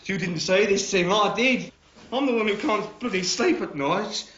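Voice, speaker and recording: An actor playing an anxious, long-winded builder, who lectures in an excitable way. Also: male voice, high-pitched, moderate pace. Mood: indignant. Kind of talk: TV drama acting. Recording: dull TV soundtrack, faint noise.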